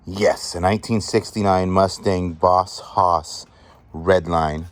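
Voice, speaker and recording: A man vlogging as he sorts a storage unit find, chatting excitedly and appraising each item aloud. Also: sits low, takes it slowly. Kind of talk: casual show-and-tell commentary.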